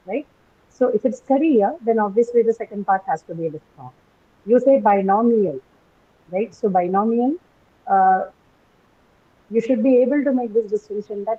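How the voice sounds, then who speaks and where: A woman's voice: mid-range voice, normal speed, dark tone, slightly rough. A woman teaching an English phonetics class, explaining step by step with many ums and rights. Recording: muffled lo-fi audio.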